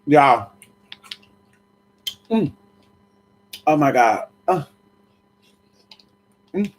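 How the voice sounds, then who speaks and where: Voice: mid-range voice, big pitch swings, extremely slow. A livestream host in casual live chat, sassy and chatty, greeting viewers one by one and swearing freely.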